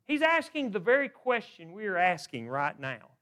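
Preaching at a moderate pace, a middle-aged man has a high, slightly bright, sing-song voice that jumps up and down. His sermon is packed with questions, and he frequently restarts sentences by repeating words.

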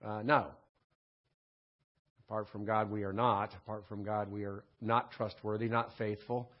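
A man's voice: lowish voice, little pitch movement, a little slow, highs cut off. Man teaching a conversational Bible lesson. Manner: conversational, often adds "right?"; frequent throat clearing and restarts. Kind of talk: recorded Bible study lesson.

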